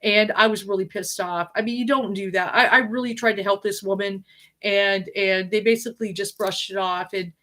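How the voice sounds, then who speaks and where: A woman's voice: medium pitch, steady tone, normal speed, fairly bright tone. A woman hosting a casual livestream, talking bluntly and profanely in a rambling way, often restarting her sentences. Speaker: intuitive reader hosting a livestream. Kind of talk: casual unscripted livestream chat.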